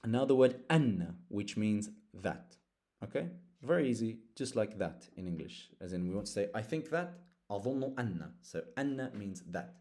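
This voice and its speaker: Lower-pitched man teaching Arabic grammar. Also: expressive, normal speed, dark tone. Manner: patient, explanatory, spells out root letters and conjugations. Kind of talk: grammar lesson.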